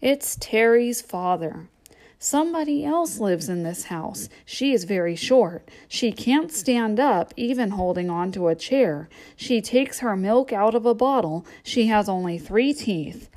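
A woman's voice: medium pitch, lively intonation, a little slow, a little mellow. A woman reading a children's storybook aloud as a playful guessing game.

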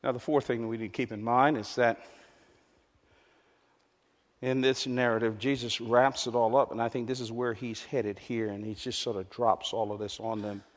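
A man preaching a sermon in a church, emphatic and repetitive, swinging between loud, lifted lines and hushed ones. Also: mid-range voice, flat delivery, normal speed. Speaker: pastor. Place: large church hall. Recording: long reverb of a large hall.

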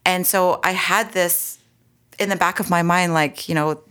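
Candid woman guest, slightly low voice, talks in restarts and asides. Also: fairly even intonation, a little slow, sharp tone, clean tone. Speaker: interview guest. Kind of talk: personal storytelling in conversation.

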